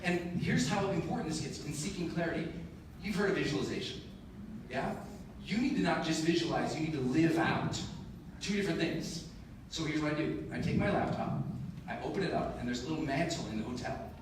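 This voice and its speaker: Man, high-voiced motivational speaker, emphatic and self-mocking, live in a big hall with room noise behind. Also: brisk. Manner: animated, emphatic storytelling with self-deprecating humor. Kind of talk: live keynote storytelling. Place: large conference hall. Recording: echoey hall, distant mic, audible room ambience.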